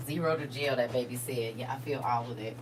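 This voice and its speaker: Woman livestream host, casual storytelling, animated and blunt delivery. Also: a bass voice, heavy background noise. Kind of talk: casual storytelling to a live chat.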